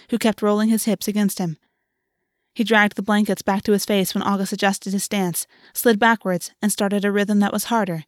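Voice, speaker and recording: A woman narrating a fantasy novel in a measured, even reading. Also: medium pitch, dry recording, studio quality. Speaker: audiobook narrator. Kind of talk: scripted narration.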